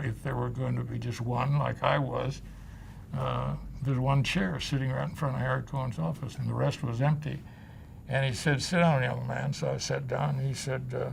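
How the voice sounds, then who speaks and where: A man's voice: medium pitch, creaky, a little hiss or hum. An older man being interviewed, telling anecdotes and acting out the lines of people he quotes. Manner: animated storyteller who acts out quoted dialogue.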